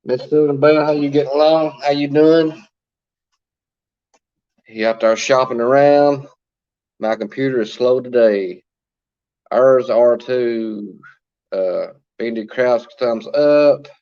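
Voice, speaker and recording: A man hosts a casual livestream from his phone, chatting, answering comments, and greeting viewers by name. His medium-pitched voice moves slowly with frequent pauses, and the audio has its highs cut off.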